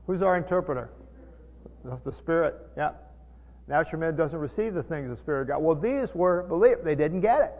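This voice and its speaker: A male pastor teaches a sermon in a folksy, conversational way, stopping to explain old Greek words and ask his listeners questions. His voice sits a little high, with a gravelly edge. It comes through a tinny, phone-like line with a long hall echo behind it. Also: animated, fairly quick.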